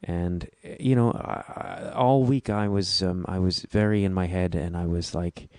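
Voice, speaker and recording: Deep-voiced Chicago man hosting a podcast. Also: darkish tone, clean tone, dry recording, studio quality. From Midwestern United States. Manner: halting and reflective, with frequent restarts. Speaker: podcast host. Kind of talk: casual solo podcast intro.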